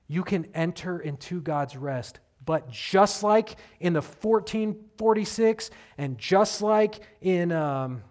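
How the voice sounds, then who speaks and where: Pastor guy preaching, kinda high voice, acts out the quotes, chatty and animated. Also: slow pace, hardly any pauses. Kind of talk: sermon.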